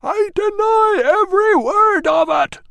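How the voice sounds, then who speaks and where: A man voicing a panicked man trapped in a burning hut, shouting frantically in a strained high voice. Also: measured pace, gravelly, dry recording, heavily acted. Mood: terrified.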